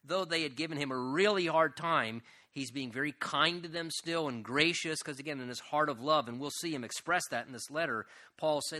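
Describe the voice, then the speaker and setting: A pastor delivers an earnest sermon in a slightly raised, very bright voice. He stretches key phrases slowly and lets his voice rise and fall widely. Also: a little high.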